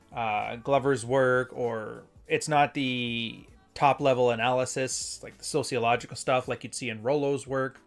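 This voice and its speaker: A man in the middle of his usual pitch hosts a casual stream, talking things through in a loose, conversational way. He often restarts his sentences and reads longer passages aloud. Faint music plays softly behind him. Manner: rambling, conversational, self-correcting. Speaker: host. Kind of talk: casual live-stream commentary and reading.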